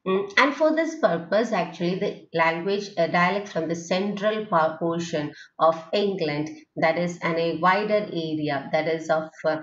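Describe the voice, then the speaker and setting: A woman's voice: lowish voice, moderate pace, few pauses, a bit bright, slight background noise. A woman teaching English phonetics in a recorded lecture, talking in a hesitant way with many fillers and restarts and checking in with "okay?". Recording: dull, lo-fi, roomy recording.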